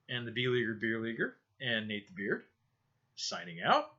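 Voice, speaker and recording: A man's voice: medium pitch, wildly swooping pitch, normal speed, pushed and bright, dull audio. Profane sarcastic man telling stories. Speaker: podcast host. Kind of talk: casual solo podcast monologue. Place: home room, low-quality setup.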